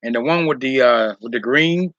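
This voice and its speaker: A man's voice: mid-range voice, normal speed, fairly bright tone. A man telling a personal story, often tagging "all right?" and "okay?" and getting heated. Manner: rambling, repeats "all right?" and "okay?", heated when retelling. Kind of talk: casual storytelling monologue. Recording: dull lo-fi sound.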